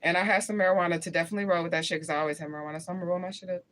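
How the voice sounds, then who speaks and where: Speaking very fast, this St. Louis livestream host in her forties has a low-side voice with a fairly bright tone and fairly even intonation. She chats live with viewers, answering their comments bluntly and in slang, with frequent laughter.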